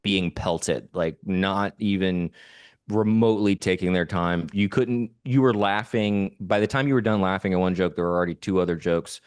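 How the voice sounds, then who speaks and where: Deep-voiced man in casual podcast chat. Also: moderate pace, clear, resonant tone. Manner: enthusiastic, rambling with fillers and restarts. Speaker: podcast co-host.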